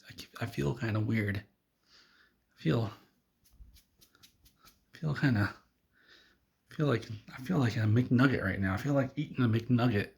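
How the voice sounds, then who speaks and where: A man's voice: mid-range voice, a little slow, vocal fry, long pauses, husky, heavily acted. Guy doing a whiny dude begging for food, feeling off. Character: man feeling strange, pleading for fast food.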